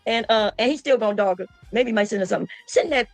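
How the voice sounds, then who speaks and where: A woman streamer giving loud, mocking commentary, laughing often and mimicking the people she talks about. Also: medium pitch, rapid-fire, dry recording, soft background music. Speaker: streamer reacting to a panel. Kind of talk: casual livestream commentary.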